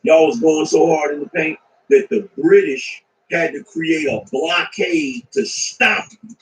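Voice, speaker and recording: A man's voice: a little high, measured pace, rough recording. An American man hosting a livestream, ranting with repeated rhetorical questions and stammering restarts. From United States. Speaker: livestream host. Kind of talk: heated livestream rant.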